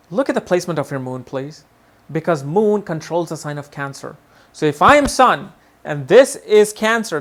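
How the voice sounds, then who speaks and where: A man teaching an astrology lesson in a lively way, often acting out what people say and repeating his words. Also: high voice. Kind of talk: video lesson.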